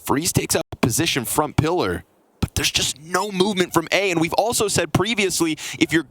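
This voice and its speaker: A man doing live play-by-play esports commentary, with rapid calls that build to shouts at big plays. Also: fairly high pitch, lively intonation.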